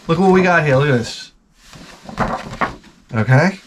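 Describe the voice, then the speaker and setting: A man vlogging as he opens fan packages, talking in a rambling, excitable way and swearing freely. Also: fairly high pitch, measured pace, pauses often. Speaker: vlogger opening fan mail. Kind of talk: casual unboxing chat. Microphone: camera mic.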